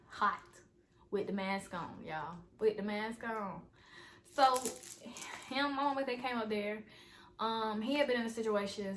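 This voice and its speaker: A young woman chats through a personal storytime for her viewers at home. Her voice sits in an ordinary middle pitch. She rambles loosely and addresses the audience directly, with a faint hiss behind her. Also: a bit bright. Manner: chatty, rambling, talks straight to viewers as "y'all". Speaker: vlogger. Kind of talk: casual storytime vlog.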